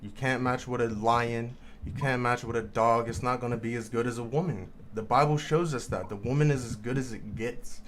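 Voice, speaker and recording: Loud dude arguing on a phone livestream, kinda pushy, bit of background hiss. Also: male voice, fairly even intonation, moderate pace, hardly any pauses. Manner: loud, insistent, then mumbling low. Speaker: troll posing as a debate panelist. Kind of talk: casual debate chat on a livestream.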